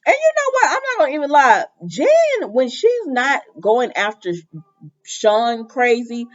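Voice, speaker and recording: A woman giving a casual, sassy recap of a soap opera episode, chatty and full of lively asides. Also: high voice, a little slow. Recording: slightly muffled lo-fi recording.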